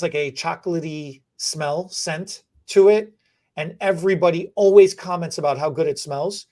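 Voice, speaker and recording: A podcast host in casual chat, joking and rambling, often restarting sentences. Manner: animated, joking, rambling with restarts and repeated words; mock infomercial pitch. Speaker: podcast host and stylist educator.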